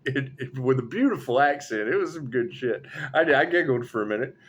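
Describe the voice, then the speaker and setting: A man giving solo spiritual tarot commentary, excitable and repetitive, swinging from low mutters to loud exclamations and swearing casually. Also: brisk. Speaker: tarot reader.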